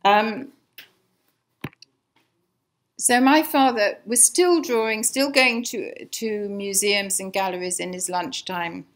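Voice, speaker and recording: A woman's voice: mid-range voice, fairly even intonation, a little slow. An older English woman giving a chatty, anecdotal lecture to an audience, with many fillers and restarts. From England. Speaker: lecturer, designer's daughter. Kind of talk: illustrated public talk. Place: archive lecture room before an audience.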